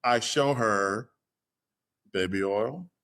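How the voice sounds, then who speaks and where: A man telling a personal story in a casual chat, acting out the people he quotes with lively shifts in voice. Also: fairly low pitch, slow. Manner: animated, acts out quoted voices. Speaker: guest storyteller.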